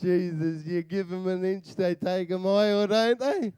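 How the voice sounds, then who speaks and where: An Australian man doing a stand-up comedy set, bantering with the crowd in a slow drawl. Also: high-pitched, fairly even intonation, warm tone, clear, resonant tone, no echo. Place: live venue with audience.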